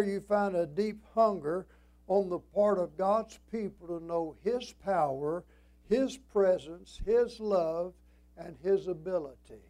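In a high-sitting voice, a man preaches slowly and deliberately at an evening service, his strong cadence shifting between emphatic climbs and softened, hushed drops.

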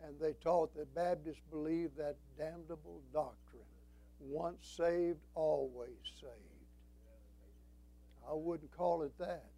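Older male preacher with a high voice. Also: steady tone, slow, vocal fry, warm tone, poor audio. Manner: folksy, emphatic preaching with scripture quotes. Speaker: pastor. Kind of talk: sermon.

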